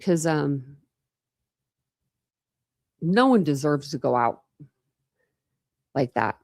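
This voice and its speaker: A woman's voice: sits low, animated, extremely slow, a little mellow, no echo, clean studio sound. A woman hosting a true crime channel, chatting casually and rambling to her live chat.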